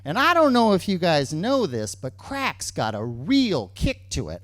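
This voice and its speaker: Animated male storyteller, dry sound. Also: on the high side, a little slow, no room sound. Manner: animated, repeats lines for emphasis. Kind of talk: true-story stage storytelling.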